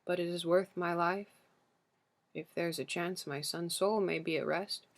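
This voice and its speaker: Brief: a woman voicing an old, humble grieving king, gravelly and slow, foreign-accented pleas. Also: fairly low pitch, steady tone. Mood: gentle. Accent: foreign-accented speech as the figure. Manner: slow, careful pleading speech. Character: aged grieving male king, humble and dignified. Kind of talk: audiobook character reading.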